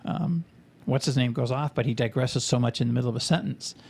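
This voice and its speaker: A man's voice: medium pitch, fairly quick, gravelly, a little mellow, husky. A man co-hosting a podcast, chatting casually in a rambling, profane, joking way. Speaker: podcast co-host.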